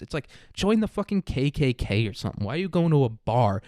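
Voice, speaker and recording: Male podcast host, casual profane rant, mid-pitch voice, dry booth sound. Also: sing-song, quick pace, mellow, no room sound. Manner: profane, sarcastic, mocking mimicry; laughs through his own jokes. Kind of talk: casual ranting commentary.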